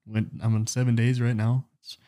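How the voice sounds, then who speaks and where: A young man in casual podcast banter, quick to laugh and crack jokes. His voice sits at an ordinary middle pitch, relaxed and conversational. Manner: joking, laughs often. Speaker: podcast co-host. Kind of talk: casual chat.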